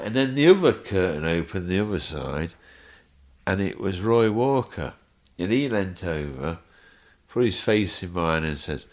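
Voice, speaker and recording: A fairly low-pitched man takes his time telling humorous anecdotes as a guest on a podcast. His delivery is lively, and chuckles keep slipping into his stories.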